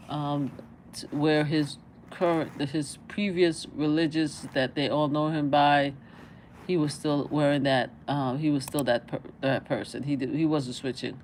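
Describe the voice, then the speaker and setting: On a laid-back reaction livestream, a middle-aged female commentator chats along while repeatedly asking exasperated rhetorical questions. She speaks low-pitched with a darkish tone, over a faint hiss or hum.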